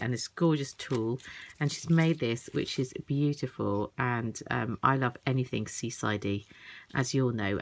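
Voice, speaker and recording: A woman's voice: rumbling low, fairly bright tone, a little hiss or hum, rough recording. A woman craft vlogger chatting casually while unboxing parcels at home at night, rambling with little asides. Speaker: works in a school with children.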